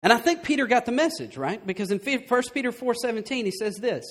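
A man's voice: extremely high pitch, sing-song, fairly quick, a bit bright. A man in his thirties preaching a sermon as pastor, emphatic and checking in with "all right?" after nearly every point.

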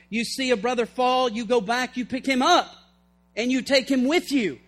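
A man's voice: very high voice, normal speed, fairly bright tone. A man preaching a sermon with fervor, reading scripture and acting out its scenes. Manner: fervent, acts out scripture scenes.

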